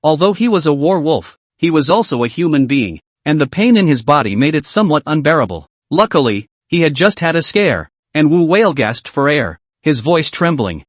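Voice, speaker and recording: A man's voice: fairly high pitch, sing-song, normal speed, hardly any pauses, no room sound. A man narrating a manhwa recap in a dramatic storytelling manner.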